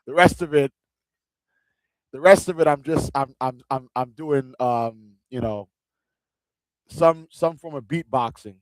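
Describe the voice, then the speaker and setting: A man's voice: on the high side, a little slow, pauses often, a little mellow, no room sound. A man hosting a live fight watch-along, chatting casually and joking with loose, rambling restarts. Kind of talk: casual live-stream chat.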